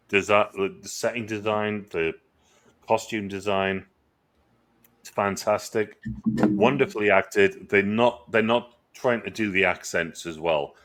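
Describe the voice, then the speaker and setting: Low-voiced man chatting excitedly. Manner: enthusiastic, rambling with restarts and swearing. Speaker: podcast co-host. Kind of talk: casual chat.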